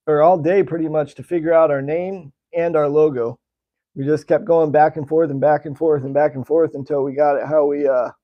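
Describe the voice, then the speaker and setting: The audio is dull, and the man's voice sits a little high. He's an American slingshot-channel host, casually chatting with viewers on a live stream and answering their comments as he tastes candy.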